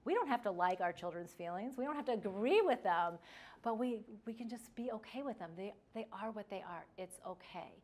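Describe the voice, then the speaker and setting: A middle-aged woman who teaches parenting gives an instructional talk in a chatty, conversational style, full of fillers and restarts. Her mid-range voice is animated and fairly quick.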